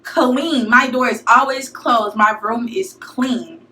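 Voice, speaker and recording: A young woman from St. Louis telling a college story to her viewers in a casual, slangy, animated way. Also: a little high, slow. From St. Louis, USA. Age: young adult. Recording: echoey room, mic at a distance.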